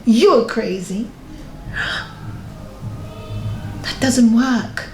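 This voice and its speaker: A woman teaching a meditation class, lively and laughing often as she quizzes her students. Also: mid-range voice, slight background noise. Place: yoga centre room. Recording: echoey room with faint ambience.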